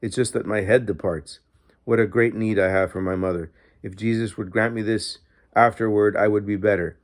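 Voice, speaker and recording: A man's voice: fairly low pitch, fairly even intonation, moderate pace. A man narrating a diary in the first person, reading steadily and earnestly as an audiobook narrator.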